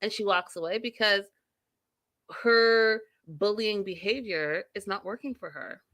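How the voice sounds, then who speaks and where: A woman's voice: medium pitch, unhurried. A woman hosting a TV recap show, giving blunt, opinionated commentary to her viewers and swearing freely. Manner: animated, talks directly to viewers.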